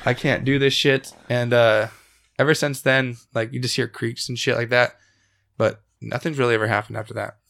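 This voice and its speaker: A young man hosting a podcast, casually telling a story with plenty of swearing and a lively build to the scary parts. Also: medium pitch, moderate pace, gravelly. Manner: profane, animated when telling the scary parts. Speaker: podcast host.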